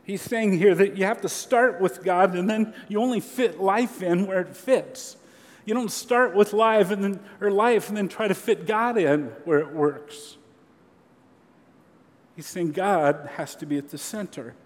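A man preaching a sermon as a pastor, earnest and measured, with slow emphatic pauses. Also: sits high. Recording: long hall reverb.

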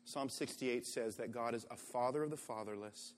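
A male pastor preaching a sermon in an animated, conversational way, asking rhetorical questions. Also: medium pitch, normal speed, in a large hall, a little hiss or hum.

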